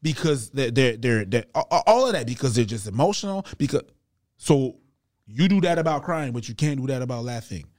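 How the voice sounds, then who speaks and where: Animated, emphatic male comedian. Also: mid-range voice, a little fast. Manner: emphatic, repetitive, philosophizing. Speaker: comedian guest. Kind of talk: casual chat.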